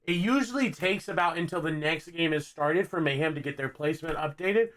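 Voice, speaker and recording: A man's voice: a little high, fairly quick, a bit bright. A man casting a live esports tournament in a laid-back, joking way, with a Texan accent. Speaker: esports caster. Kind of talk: live game commentary.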